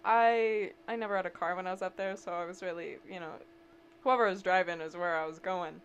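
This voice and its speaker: Animated young woman telling stories. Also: on the low side, fairly quick, muffled recording, slight background noise. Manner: animated storyteller, laughs often. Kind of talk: casual chat.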